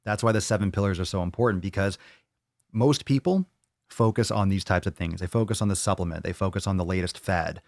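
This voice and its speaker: On a clean studio track with no echo, a man speaks fairly quickly in a low, darkish voice. He's a fitness channel host taking viewer questions live, swearing freely and delivering blunt, opinionated rants.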